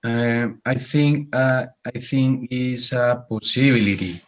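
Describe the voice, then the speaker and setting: Halting, slow-speaking male student. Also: mid-range voice, a bit bright, rough recording. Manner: hesitant, halting with many fillers.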